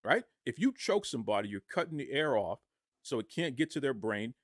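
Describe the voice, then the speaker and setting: A man giving impassioned podcast commentary, arguing forcefully and firing off rhetorical questions. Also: mid-range voice, sing-song, fairly quick, dry recording, studio quality.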